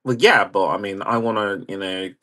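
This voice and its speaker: Reading chat aloud and laughing along, this livestream host reacts to his viewers' comments in a wry, chatty way. He speaks at a moderate pace in a fairly bright voice that sits on the low side.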